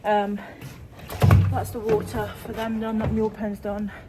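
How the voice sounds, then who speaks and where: This sheep farmer talks in a mid-range monotone, a little slowly, over heavy background noise. She's outside on the farm doing chores and filling her casual vlog chatter with ums.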